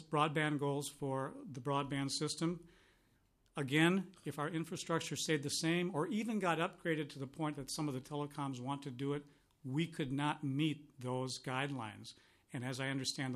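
A man's voice: a little high, steady tone, normal speed, a bit bright. Earnest man giving formal testimony. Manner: earnest, emphatic, repeats words for stress. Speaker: county commissioner testifying. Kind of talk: formal testimony to a legislative committee. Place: legislative hearing room.

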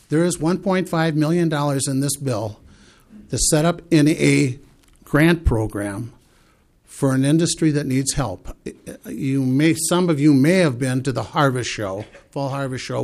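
Earnest man testifying with figures. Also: medium pitch. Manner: earnest, persuasive, cites figures with pauses and restarts. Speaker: horse farm owner testifying at a committee. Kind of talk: legislative committee testimony.

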